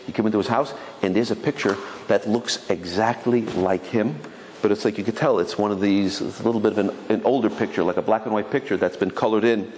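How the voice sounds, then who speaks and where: A man, a rabbi, telling a story to his congregation in a lively sermon style, acting out the voices of the people in it. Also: on the low side, a little fast, slight background noise. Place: synagogue hall. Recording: long hall reverb, faint ambience.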